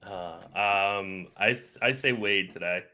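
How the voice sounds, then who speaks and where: A man's voice: sits low, slow, bright, forceful tone. A man giving short, blunt answers as a guest analyst on a casual live stream.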